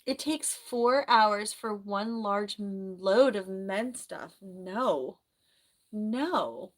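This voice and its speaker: A woman's voice: medium pitch, animated, very slow. Chatty woman with a sore throat. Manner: chatty, rambling, soft-spoken. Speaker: live streamer. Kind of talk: casual live-stream chat reading comments.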